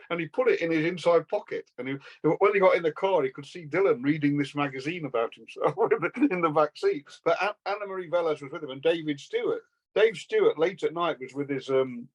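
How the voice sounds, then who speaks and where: Guy on a podcast spinning a rambling story, laughs a lot, voice sits a bit high. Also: expressive, fairly quick, rough recording. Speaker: podcast co-host. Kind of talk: casual chat.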